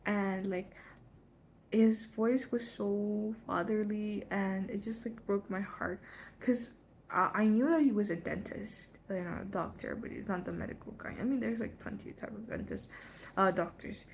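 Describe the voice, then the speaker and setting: A teenage girl in a casual vlog, telling a long story in a rambling way, full of "like" and quick self-corrections. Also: mid-range voice, steady tone, a little hiss or hum. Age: teens. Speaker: vlogger. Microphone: front phone camera.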